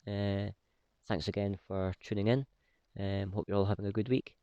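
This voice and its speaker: Brief: low, dry-voiced vlog host, unhurried storyteller full of "uh"s. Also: male voice, smooth, no echo, muffled recording. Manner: relaxed, with many "uh" fillers. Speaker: pipe-smoking vlog host. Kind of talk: casual storytelling. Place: woodland, outdoors.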